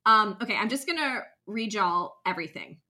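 Podcast co-host, female, bright and animated, casual book chat. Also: medium pitch, a little fast. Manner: animated, lots of "like", laughs while reading. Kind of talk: casual book chat, reading excerpts aloud.

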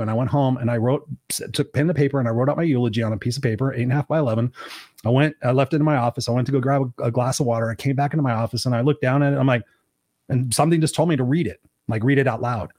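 A man in his forties hosting a podcast, telling stories in an energetic, motivational way. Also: medium pitch, racing, no room sound, clean studio sound. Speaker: podcast host. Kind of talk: casual interview conversation.

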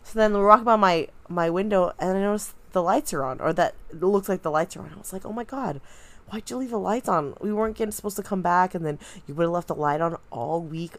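A woman's voice: lowish voice, fast. A woman who is a guest on a podcast, chatting casually and jumping in to tell her side of a story. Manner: chatty, interrupts to take over the story. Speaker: guest, host's fiancée. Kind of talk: casual chat.

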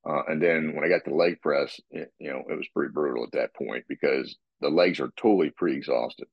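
A man with a very deep, husky voice explains his workout in casual podcast talk. He rambles and restarts, and he often clears his throat. The sound is dry and muffled. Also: a little fast, no room sound. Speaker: guest describing his workout.

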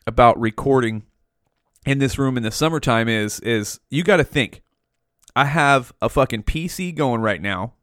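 A man's voice: medium pitch, fairly bright tone, no echo, studio quality. Forty-something guy cussing up a storm on his home podcast, mouth on the mic, no room sound at all. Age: 40s. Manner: profane, heated ranting. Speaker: podcast host. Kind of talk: solo podcast rant. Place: small hot home room. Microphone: mouth right up against the mic.

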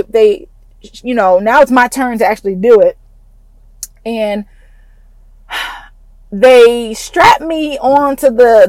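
A woman podcast host tells a personal story in an animated, emphatic, chatty way. Her voice sits somewhat high for a woman. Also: no room sound, low-quality recording.

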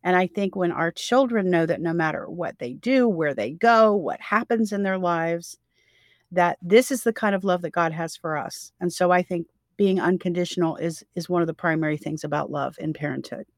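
A woman's voice: lowish voice, moderate pace, no room sound, clean studio sound. A woman co-hosting a faith-based parenting podcast, talking in an earnest, reflective way and sometimes reading scripture aloud. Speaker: podcast co-host.

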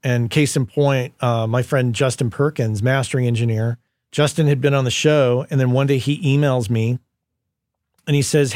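A man's voice: mid-range voice, moderate pace, no echo, studio quality. A man hosting a podcast, telling stories in casual conversation and livening up the people he quotes. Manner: storytelling, animated when quoting people. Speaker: podcast host.

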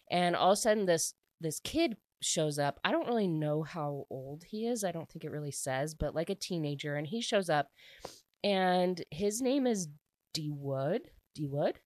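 Woman, book recap vlogger, lower voice, dry close sound, excitable and chatty. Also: dry recording. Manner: chatty, heavy use of "like" fillers; excitable and animated when reacting. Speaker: book reviewer.

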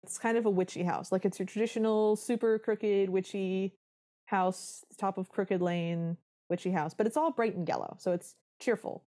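A woman's voice: mid-range voice, normal speed, mellow. A woman co-hosting a podcast, recapping a film in casual chat with wry, dramatic storytelling. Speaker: podcast co-host.

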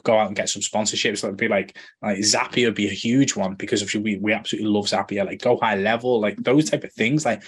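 A man co-hosting a podcast in casual chat, animated and peppering his speech with "like". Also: on the low side, husky. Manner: animated, full of "like", swears casually. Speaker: podcast co-host.

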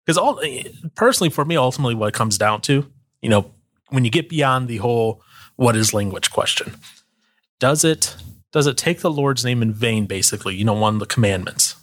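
A man's voice: medium pitch, lively intonation, a little fast. A man co-hosting a casual faith podcast, talking in a loose, rambling way with fillers and quoted asides. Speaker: podcast co-host. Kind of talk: casual chat about faith.

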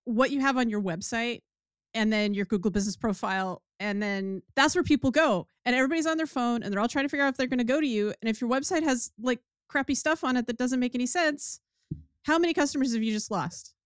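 Giggly woman co-host, slightly high voice, storyteller, dry recording. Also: quick pace, clean tone, no room sound. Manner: giggly, storytelling, laughs often. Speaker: podcast co-host. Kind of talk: casual chat.

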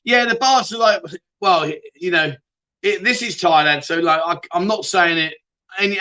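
A man's voice: fairly high pitch, bright, forceful tone. A middle-aged man hosting a casual livestream, reading out viewer comments and bantering with them in a chatty, jokey way. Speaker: livestream host.

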